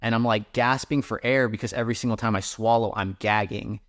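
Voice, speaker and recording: A man's voice: lowish voice, steady tone, a little fast, fairly bright tone. A man guesting on a podcast, telling a climbing story in a rambling, casual way with lots of fillers and restarts.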